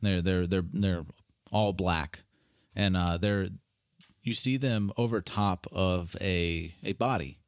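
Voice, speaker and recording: A man narrating a tabletop game as dungeon master, describing scenes in a halting way. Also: low-pitched, smooth, no room sound, clean studio sound.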